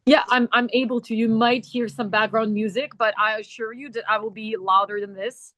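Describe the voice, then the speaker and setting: A woman's voice: fairly high pitch, fairly even intonation, normal speed, fairly bright tone, dry recording. A woman academic introducing herself on a video call, talking in a hesitant way with many fillers and restarts. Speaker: academic guest. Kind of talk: webinar introduction. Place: traveling, quiet corner with faint music.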